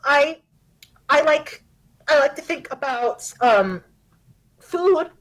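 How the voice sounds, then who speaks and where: A woman's voice: high voice, animated, slow, pitched above the performer's own voice, low-quality recording. A woman voicing an emotional teenage girl who pleads and gets defensive, as part of a tabletop role-play. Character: upset teenage girl obsessed with myths.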